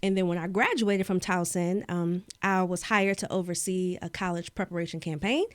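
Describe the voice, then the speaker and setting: Articulate woman with crisp diction. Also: lowish voice, moderate pace, no room sound. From Maryland, USA. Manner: animated storyteller, clear careful diction. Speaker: guest, public speaking coach. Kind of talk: casual interview chat.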